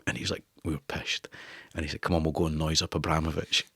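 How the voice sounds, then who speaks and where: A man's voice: very deep voice, flat delivery, fast talker, fairly bright tone, husky, no room sound. A middle-aged Scottish man telling laughing, profanity-laced anecdotes as a podcast guest. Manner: swearing, laughing storyteller. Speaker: guest, former newspaper editor. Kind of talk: casual interview anecdotes.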